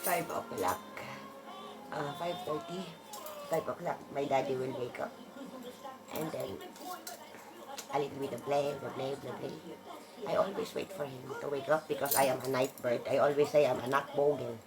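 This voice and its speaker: A woman's voice: a bass voice, steady tone, normal speed, pauses often, loud music behind the voice. A woman in a casual monologue, blunt and emphatic, swearing freely as she rants. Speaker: vlogger.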